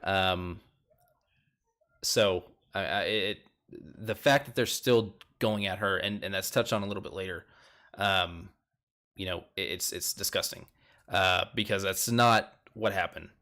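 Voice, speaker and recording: A man's voice: low voice, measured pace. Chatty man recapping a show. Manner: animated retelling, quotes people in a raised voice. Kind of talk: casual recap chat.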